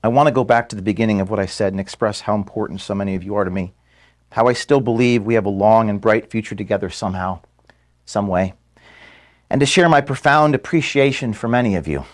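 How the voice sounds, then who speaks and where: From an office room, an organization's founder gives his staff an earnest, measured farewell in a fairly low voice. He speaks steadily at first, then turns quieter and halting when emotion takes over.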